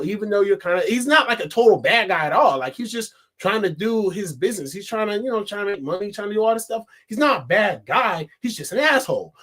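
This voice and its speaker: A man's voice: high voice, fairly bright tone. A man giving a casual, rambling movie review full of fillers and frequent laughter. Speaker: film reviewer.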